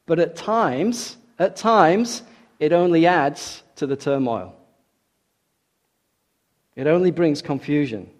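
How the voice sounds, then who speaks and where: A man's voice: a little high, animated, slow pace, pauses often, darkish tone. A man preaching a sermon as a preacher in a church, earnest and emphatic, repeating key words for stress.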